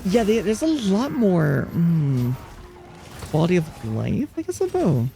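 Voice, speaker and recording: A male streamer with a soothing, relaxing voice, pitched a little high but mellow in tone. He speaks softly and unhurriedly, with a gravelly edge, and faint music plays behind him. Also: huge pitch swings, unhurried. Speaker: live streamer. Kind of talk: casual chat, answering viewers while gaming.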